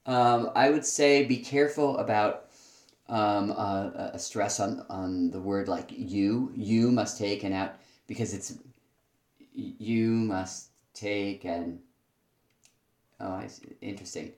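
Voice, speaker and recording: A male teacher gives spoken feedback on student writing. He sounds thoughtful and hesitant, with frequent pauses. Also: lowish voice, steady tone, a little mellow, reverberant.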